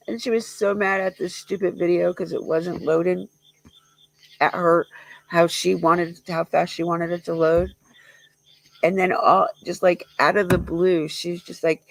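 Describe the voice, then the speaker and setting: A grieving livestreamer who talks in a halting, rambling way, with many fillers and restarts, recorded on a close mic. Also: mid-range voice, creaky, dry recording, rough recording. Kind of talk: emotional memorial livestream talk.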